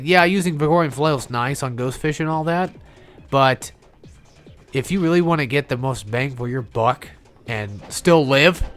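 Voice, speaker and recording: A man giving casual, rambling let's-play commentary at his desk microphone, candid and quick to swear. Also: medium pitch, fairly bright tone. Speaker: gaming channel host.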